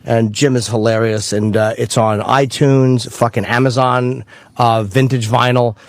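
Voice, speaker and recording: A man's voice: medium pitch, fairly even intonation, a little slow, no room sound. A man co-hosting a radio show, reading out plugs in wry casual chat. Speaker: radio co-host.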